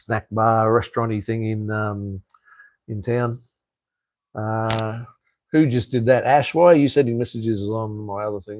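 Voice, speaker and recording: A man's voice: fairly low pitch, a little mellow, no echo. An Australian man hosting a casual live stream, chatting in a rambling way, swearing freely and answering viewer comments with lots of fillers and restarts. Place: home in Cambodia.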